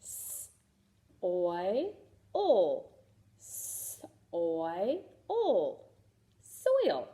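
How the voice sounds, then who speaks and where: Slow, lively woman teaching phonics. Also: lowish voice. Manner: slow, sounds out each letter and praises often. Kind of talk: phonics lesson for young children. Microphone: recorded to camera for a video lesson.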